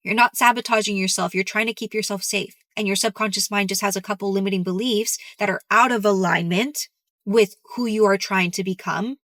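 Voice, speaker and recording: A woman hosts a podcast with an earnest, emphatic motivational monologue, leaning on repeated phrases. Her voice is bright and pressing, at a middling pitch. The sound is dry, with no room echo. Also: fairly quick. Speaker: podcast host.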